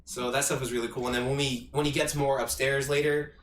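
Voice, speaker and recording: A man's voice: medium pitch, little pitch movement, fast, a bit bright. A young man co-hosting a casual movie podcast, eagerly recapping scenes, acting out quotes and swearing freely. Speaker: podcast co-host. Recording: roomy echo, distant mic, faint hiss.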